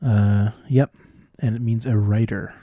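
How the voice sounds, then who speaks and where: A man solving cryptic crossword clues out loud, thinking through each one and explaining the wordplay as he goes. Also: lowish voice, steady tone, a little slow, dry recording, lo-fi sound. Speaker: puzzle solver.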